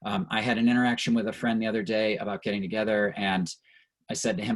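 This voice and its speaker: A man's voice: fairly low pitch, little pitch movement, fast, rough recording. A middle-aged man leading an online training session over a video call, earnest and reflective, and openly emotional at times.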